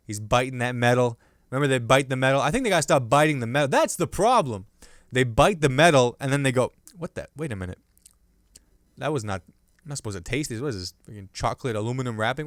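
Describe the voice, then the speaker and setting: A man's voice: mid-range voice, smooth, no room sound, clean studio sound. Playful man riffing on a podcast. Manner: playful, self-mocking, jumping from hushed asides to loud bursts. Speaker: podcast host and stand-up comedian. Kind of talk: loose comedic riffing on the news.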